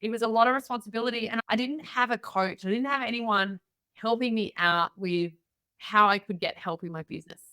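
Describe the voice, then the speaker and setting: Her voice sits on the high side, a little fast and clean, with no echo. A middle-aged Australian businesswoman on a podcast, she recounts stories openly and animatedly, imitating the people she quotes.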